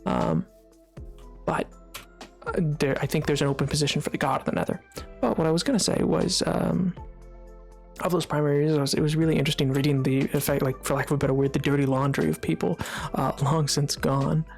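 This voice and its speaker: A livestreamer chatting casually with a live audience while gaming, rambling with lots of fillers and restarts in a relaxed, drowsy way. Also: medium pitch, a little fast, creaky, faint music behind.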